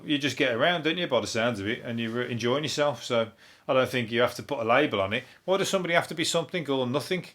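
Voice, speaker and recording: Sweary rambling comedian. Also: male voice, medium pitch, a bit bright. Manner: rambling, sweary, laughs at own jokes. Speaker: comedian podcast host. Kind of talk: casual comedic news chat.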